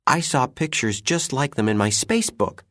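A man's voice: mid-range voice, sing-song, moderate pace, a bit bright, dry recording, studio quality, voice pushed up. A man reading a children's story aloud and voicing an eager young boy. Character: eager young boy who believes in aliens.

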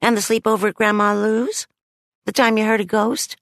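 A narrator voicing Judy, a quick-talking, teasing older sister. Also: male voice, high-pitched, flat delivery, vocal fry, fairly bright tone, dry recording, studio quality, voice pushed up.

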